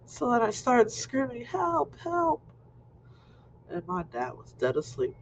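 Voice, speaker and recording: Animated male storyteller in his fifties, high-pitched with a gravelly edge; lo-fi recording. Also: moderate pace. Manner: animated, acts out scenes. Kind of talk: personal anecdote storytelling. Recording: muffled lo-fi recording with faint noise.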